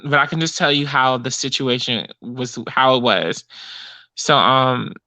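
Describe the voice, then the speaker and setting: A woman's voice: rumbling low, measured pace, pushed and bright, dry recording. A woman co-hosting a live call-in chat show, telling a story in a chatty, rambling way with lots of fillers. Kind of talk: casual chat.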